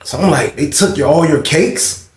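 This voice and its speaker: A man's voice: fairly high pitch, moderate pace. A young man telling a story from his life in a casual, slangy way, acting out the dialogue as he goes. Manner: slangy, animated retelling with quoted dialogue. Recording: roomy echo.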